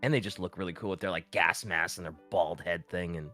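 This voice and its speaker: A man co-hosting a casual livestream, trading jokes and quick agreements with his partner. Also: sits low, steady tone, sharp tone, faint music behind. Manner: joking banter, quick agreeing interjections. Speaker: co-host of a livestream.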